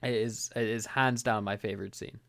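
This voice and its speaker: A man's voice: lowish voice, steady tone, a little fast, creaky, fairly bright tone, dry recording. A man, co-hosting a podcast in casual chat, laughing often and quoting lines. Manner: laughs often, quotes characters in put-on voices. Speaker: podcast co-host. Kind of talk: casual chat recapping an episode.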